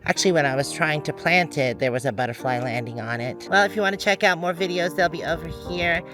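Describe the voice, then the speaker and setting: A man's voice: on the high side, fast talker, music in the background. A man casually narrating his garden work outdoors, thinking aloud as he goes. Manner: relaxed, thinking aloud as he works. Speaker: garden vlogger.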